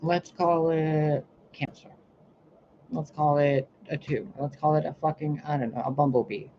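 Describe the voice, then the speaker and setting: On her personal live stream, a spiritual reader and healer vents in a casual, profane rant, animatedly voicing what others said. She speaks unhurriedly in a low voice, and the muffled recording carries slight background noise.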